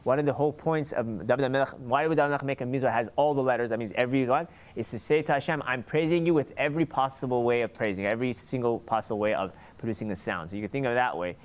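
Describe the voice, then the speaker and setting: A man giving an informal lesson on Hebrew letter sounds, sounding them out slowly and often restarting his sentences. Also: mid-range voice. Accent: Sephardic Hebrew pronunciation. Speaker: Hebrew reading teacher.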